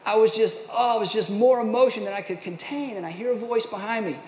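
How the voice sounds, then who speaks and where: A middle-aged man, a pastor, telling a personal story in a sermon with animated, self-mocking delivery. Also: sits high, quick pace. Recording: echoey hall, faint room noise.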